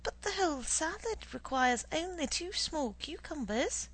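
A woman's voice: high-pitched, expressive, unhurried, fairly bright tone, voice pushed up, rough recording. A woman reading the part of a worried, indignant middle-aged wife who pleads with her husband.

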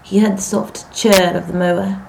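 A woman narrates a story in a measured, expressive way, her voice mid-pitched. Faint background noise sits under the reading. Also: gravelly, poor audio.

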